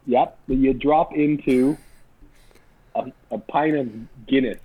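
A man co-hosting a casual podcast, joking and laughing often as he pitches his pick. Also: steady tone, slow pace, crowd noise, low-quality recording. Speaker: podcast co-host. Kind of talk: casual banter.

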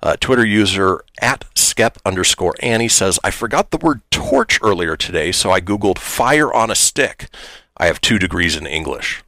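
Low-ish guy radio host, bouncy delivery, dry studio sound, casual morning chat. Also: moderate pace, no room sound. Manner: lively, reads listener posts aloud with jokes.

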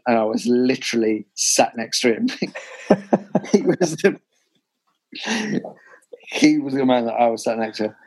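Podcast host, male, animated anecdotes, mid-pitched. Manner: animated storyteller, shouts quoted fans. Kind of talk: casual podcast chat.

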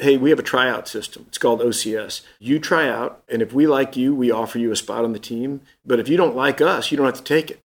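A man in his fifties, a guest on an interview, telling his story in a casual way and acting out the voices of the people in it. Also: mid-range voice.

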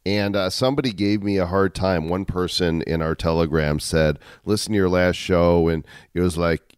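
A man's voice: low voice, moderate pace, few pauses, smooth, no echo. A man co-hosting a podcast, chatting casually with dry quips and reading sponsor spots. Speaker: podcast co-host. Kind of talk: casual chat and sponsor read.

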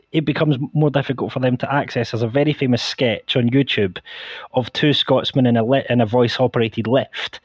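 A man's voice: medium pitch, breathy edge, dry recording, lo-fi sound. A man co-hosting a podcast, talking through an argument in an earnest way. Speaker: podcast co-host. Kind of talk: casual discussion.

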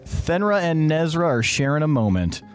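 A man's voice: on the high side, big pitch swings, normal speed, soft background music. A man narrating as game master in a tabletop game, loosely and with lots of "like" and restarts. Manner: loose narration full of "like" and restarts, laughing along.

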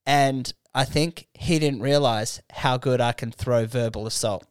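A man's voice: medium pitch, measured pace, clean tone, dry recording, clean studio sound. A man with an Australian accent, a comedian on a podcast, telling a story in loose, slangy banter with some swearing. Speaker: comedian guest.

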